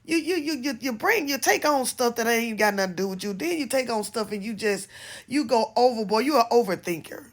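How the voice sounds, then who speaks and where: A woman's voice: a little high, expressive, fairly quick. Blunt woman ranting about a skit. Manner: blunt, opinionated, rambling with restarts. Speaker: vlogger reacting to a skit. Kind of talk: casual reaction commentary.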